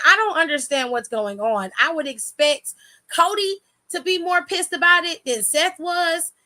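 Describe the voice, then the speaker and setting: Young adult woman, casual vlog commentary, expressive and animated, fairly high voice. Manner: animated, expressive, swears freely, laughs often. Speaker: wrestling commentary vlogger.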